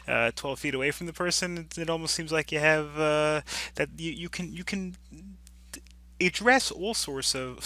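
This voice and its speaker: A man's voice: medium pitch, sharp tone. A middle-aged man giving an unscripted recorded business lecture, rambling with frequent restarts and asides.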